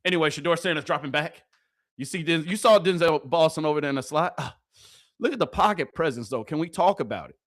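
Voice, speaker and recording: Man, hyped live sports commentary, fairly high voice, laughs a lot. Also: expressive, fast talker, fairly bright tone. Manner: hyped, chatty, laughing, slangy. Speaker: sports video host. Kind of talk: casual live commentary over game clips.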